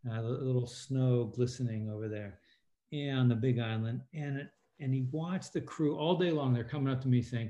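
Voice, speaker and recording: A middle-aged man, a former submarine captain and now an author, telling stories as a guest in an interview and quoting people in lively voices. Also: mid-range voice, moderate pace. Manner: animated storyteller, quotes people in lively voices. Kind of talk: conversational interview storytelling. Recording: roomy, slightly dull sound.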